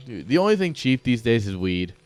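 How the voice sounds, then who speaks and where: A male game caster at an ordinary mid pitch, chatting loosely on a live stream. He wanders between jokes and game calls, swearing casually as he goes. Faint music plays underneath. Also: sing-song, brisk, a little mellow. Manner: rambling, joking, swears freely.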